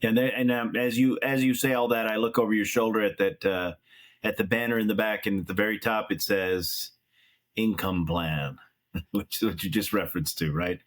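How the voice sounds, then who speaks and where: A man's voice: fairly low pitch, fairly even intonation, normal speed. A man hosting a finance chat show, telling stories in an easygoing way and backing up his guest. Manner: easygoing, storytelling, affirming. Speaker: show host. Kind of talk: casual chat.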